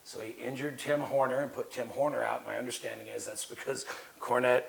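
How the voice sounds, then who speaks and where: A man's voice: medium pitch, steady tone, brisk, vocal fry, rough recording. A middle-aged man, a guest on an interview show, telling rambling, profane stories in a casual way. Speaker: guest, wrestling manager.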